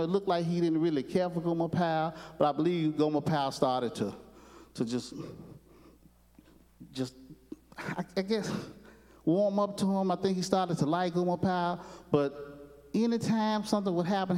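A man's voice: a little high, a little mellow. A man preaching a sermon, retelling a TV episode and acting out the characters' lines as he goes. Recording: long hall reverb.

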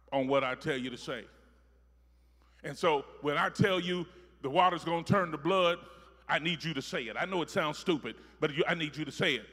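A man preaching a sermon, repeating phrases rhythmically and building from soft talk to shouting. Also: a little high, in a large hall.

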